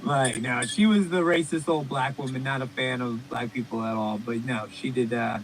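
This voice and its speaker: Here a podcast co-host with a medium-pitched voice and normal pace delivers rambling, profane, animated stories in comedic, casual conversation. There's a slight hiss or hum on the rough recording.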